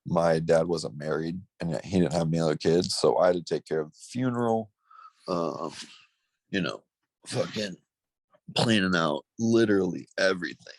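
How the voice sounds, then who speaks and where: A man's voice: low-pitched, normal speed, no echo. A young man from Missouri, a pro fighter, talking candidly in an interview, blunt and profane, getting emotional. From Missouri, United States. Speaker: pro MMA fighter, guest.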